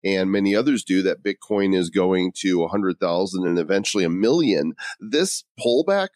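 A man's voice: low-pitched, lively intonation, normal speed, darkish tone, dry recording, clean studio sound. A man co-hosting a podcast in casual chat, joking around and reading out bits of articles. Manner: joking, reads out article quotes. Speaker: podcast co-host.

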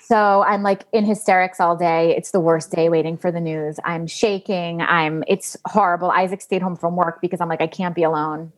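A woman's voice: fairly low pitch, normal speed, few pauses. A woman in her late thirties telling a candid personal story as a guest, animatedly acting out what others said and swearing casually. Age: late 30s. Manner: animated, acts out quoted dialogue, swears casually.

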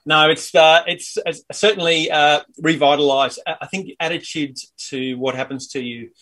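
Easygoing Australian man, slightly high voice. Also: steady tone, normal speed, pushed and bright. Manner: upbeat, easygoing, joking. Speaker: guest, cardiac arrest survivor. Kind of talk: casual interview chat.

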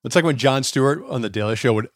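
A man's voice: mid-range voice, fast, no room sound, clean studio sound. A man co-hosting a podcast, talking loosely and thinking aloud with many fillers. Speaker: podcast co-host. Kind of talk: casual podcast banter.

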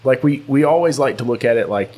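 A man's voice: mid-range voice, fast talker, a little mellow, slightly rough. A man with a Southern US drawl hosting a podcast, talking earnestly with frequent restarts. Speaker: podcast host. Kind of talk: casual podcast chat.

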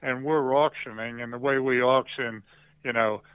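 A man's voice: medium pitch, steady tone, moderate pace, clear, resonant tone, no echo. A man, an auctioneer, telling a funny anecdote from a sale during a podcast interview. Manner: anecdotal storyteller. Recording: phone-like narrow line.

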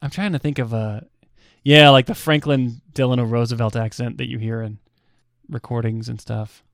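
A man's voice: mid-range voice, fairly even intonation, moderate pace, vocal fry, a bit bright, no room sound, studio quality. An American man co-hosting a podcast, chatting casually, laughing easily and hesitating with fillers. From United States. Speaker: podcast co-host.

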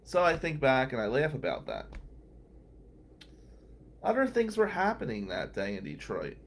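A man's voice: mid-range voice, moderate pace, a little hiss or hum. A man telling courthouse stories as a regular on a radio talk show, acting out the people he quotes. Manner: animated anecdotal storyteller, acts out quotes.

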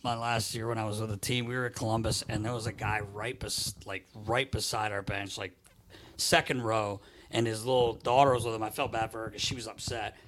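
A man telling hockey locker-room stories in a relaxed podcast chat, laughing often and swearing freely. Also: lowish voice, brisk, slight background noise. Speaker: former hockey team equipment manager, guest. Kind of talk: casual podcast storytelling.

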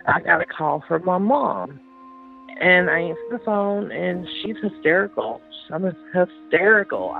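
Gravelly woman on a phone line. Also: fairly low pitch. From Georgia, USA. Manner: emotional, halting retelling with repeated words. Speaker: interviewee, sister of the deceased. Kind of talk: recorded interview recounting events. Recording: tinny phone-line interview audio.

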